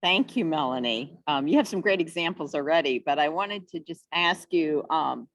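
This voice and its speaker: A woman's voice: low voice, animated, moderate pace, dry recording. A woman moderating a webinar, thanking the speaker and asking a question politely with some hesitation.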